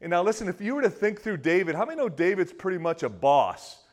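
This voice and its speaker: A man preaching a sermon in a casual, conversational way, asking his listeners questions and dropping low and quiet when he quotes. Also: very animated, fast talker. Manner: conversational, asks the audience questions. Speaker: pastor.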